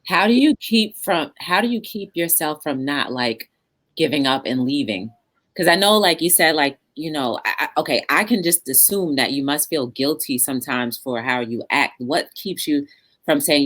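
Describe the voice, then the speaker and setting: A woman talk show host with a low voice asks searching questions. She sounds supportive, and her pitch rises and falls freely. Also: animated, moderate pace, fairly bright tone. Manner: supportive, probing questions with frequent laughter and affirmations. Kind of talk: casual interview.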